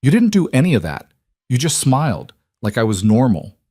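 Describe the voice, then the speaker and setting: A man voicing a controlled crime boss who speaks in flat, clipped sentences. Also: medium pitch, normal speed, slightly rough, no room sound, studio quality, pitched above the performer's own voice. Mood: cold.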